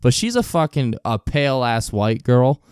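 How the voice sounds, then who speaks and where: A man's voice: mid-range voice, big pitch swings, a little slow, a little mellow, smooth, dry recording, clean studio sound. Profane laid-back male podcast host. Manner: profane, laughing, loose storytelling. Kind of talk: casual podcast chat, reading out a quote.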